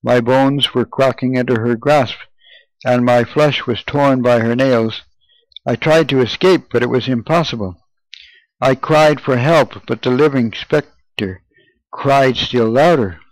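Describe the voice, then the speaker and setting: A man's voice: medium pitch, a little slow, dry recording, rough recording. Man reading a grim memoir, dry sound. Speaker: reader. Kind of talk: audiobook narration.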